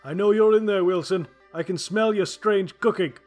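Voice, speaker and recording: A man voicing a gruff, impatient male building superintendent in a storybook reading, loud and demanding. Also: sits high, moderate pace, soft background music, pitched above the performer's own voice, natural voice.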